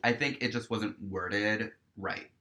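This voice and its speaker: A man's voice: fairly low pitch, takes it slowly. A man chatting as a guest, telling a story in a loose, profane way full of "like". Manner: profane, peppered with "like"; animated storyteller acting out dialogue. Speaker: guest, stage performer. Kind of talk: casual podcast chat, storytelling.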